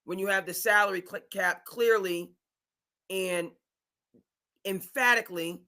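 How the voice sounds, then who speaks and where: Hosting a live sports talk stream, this high-pitched man talks a little slowly but with animated emphasis, now and then doing impressions of team owners.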